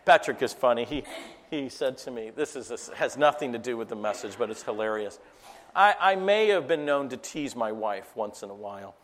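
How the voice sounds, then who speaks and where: A middle-aged man preaching a sermon to a live audience. He swings between loud, emphatic preaching and quiet, chatty storytelling asides. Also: medium pitch, expressive, moderate pace, big-room sound, a little hiss or hum. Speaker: pastor.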